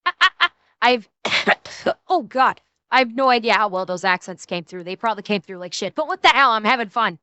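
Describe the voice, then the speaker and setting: A woman's voice: mid-range voice, moderate pace, pushed and bright, clean tone, no room sound. A woman streamer giving casual reaction commentary, rambling, laughing and swearing freely.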